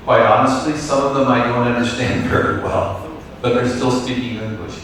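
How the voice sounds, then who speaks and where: A man's voice: medium pitch, normal speed, slight background noise. Guy giving a talk to teachers, easygoing, sounds far off in a big echoey hall. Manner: relaxed, encouraging, plainspoken. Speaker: lecturer leading a teacher workshop. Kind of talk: conversational lecture with audience questions.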